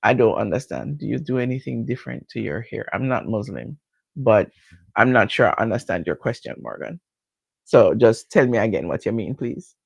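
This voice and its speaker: A woman's voice: extremely low pitch, lively intonation, normal speed, vocal fry, a little mellow, breathy edge, dry recording. A middle-aged woman with a Jamaican accent chatting casually with viewers during a live hair care stream, laughing often and answering them directly.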